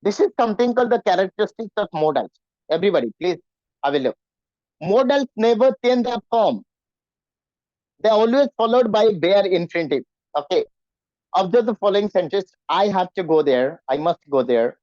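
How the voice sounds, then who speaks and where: Man, teacher, lecturing, high voice, dry close sound. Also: animated, a little fast, warm tone, no room sound, muffled recording. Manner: repetitive, questioning students, acts out nervous voices. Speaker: English teacher. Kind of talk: online class lecture.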